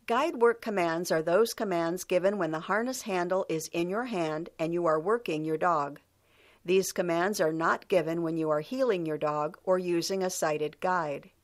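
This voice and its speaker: A woman giving a scripted instructional narration, reading steadily and calling out each section heading. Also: fairly low pitch.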